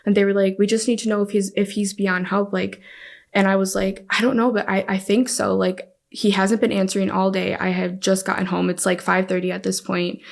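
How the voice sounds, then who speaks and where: Young woman with a creaky, flat voice. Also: mid-range voice. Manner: halting, with frequent restarts. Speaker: podcast guest. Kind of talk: personal storytelling.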